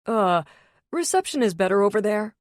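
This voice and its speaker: A woman's voice: medium pitch, very animated, moderate pace, no room sound, clean studio sound, close to an everyday voice. A woman narrator voicing a goofy, squeamish young biker man who gets flustered.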